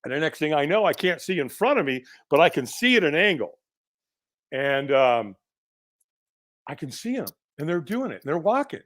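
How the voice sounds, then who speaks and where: Lively middle-aged man telling a story. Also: a little high, moderate pace. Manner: animated storyteller who acts out quoted voices. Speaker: podcast guest. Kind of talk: storytelling in a podcast interview.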